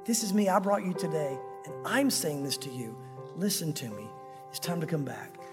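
A man preaching, voicing a gentle, grave male Lord who warns a straying follower in a soft, low, earnest tone. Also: lively intonation, normal speed, over music, lightly acted. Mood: solemn plea. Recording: long hall reverb.

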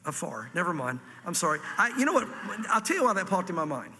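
A man's voice: high-pitched, sing-song, fast talker, sharp tone, in a large hall, slight background noise. A man from Virginia with a Southern accent, a pastor teaching a sermon through scripture with folksy asides. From Virginia, USA. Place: church hall before a congregation.

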